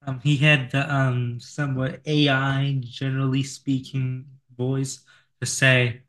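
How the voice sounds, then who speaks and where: A man's voice: medium pitch, flat delivery, fairly bright tone. A man co-hosting a casual weekend radio show, reading odd news stories aloud with fillers and frequent chuckles. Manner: chuckles often, reads stories in a halting way with fillers.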